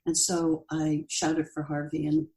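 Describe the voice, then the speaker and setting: A woman in her sixties, a podcast guest telling a personal story in an earnest, halting way with pauses and restarts. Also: low-pitched, monotone, dark tone, rough recording. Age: 60s. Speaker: podcast guest, bereaved mother.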